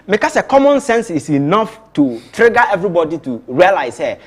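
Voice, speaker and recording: A Ghanaian man speaks as a political analyst on a talk show, and his voice sits a little high. He argues emphatically and keeps repeating words as he pushes ahead. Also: big pitch swings, fairly quick. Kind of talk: studio talk show commentary.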